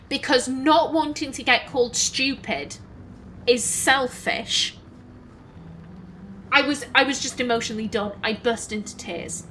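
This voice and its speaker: A woman telling a personal story in an emotional, halting way. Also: high-pitched, sharp tone, a little hiss or hum, low-quality recording. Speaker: gaming channel host.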